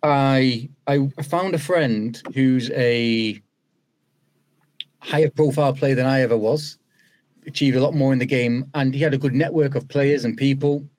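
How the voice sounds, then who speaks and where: A man's voice: mid-range voice, measured pace. A man with a British accent, a guest on a podcast, telling his story in a chatty way and acting out what people said. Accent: British English. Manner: animated, acts out quoted dialogue. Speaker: podcast guest, former footballer. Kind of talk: conversational storytelling.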